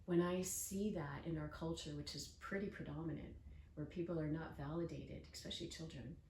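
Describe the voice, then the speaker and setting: A woman's voice: low voice, steady tone, a little fast, darkish tone. Older woman host, earnest storyteller, echoey distant recording. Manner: earnest, storytelling, acts out quoted voices. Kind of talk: casual interview chat. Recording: echoey room from far off with faint noise.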